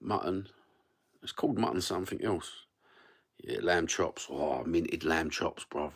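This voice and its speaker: A middle-aged man from London with a broad East London accent and a very deep, low voice. He rambles through a livestream chat in a sweary, matey way, peppering his talk with slang. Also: a little slow, breathy edge. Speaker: livestream host.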